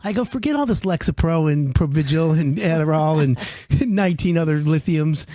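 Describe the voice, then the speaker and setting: Lively animated man in his fifties hosting radio. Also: on the high side, normal speed, no echo. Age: 50s. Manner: animated storyteller, loud bursts, reads phone number. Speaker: radio show host. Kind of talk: casual radio chat.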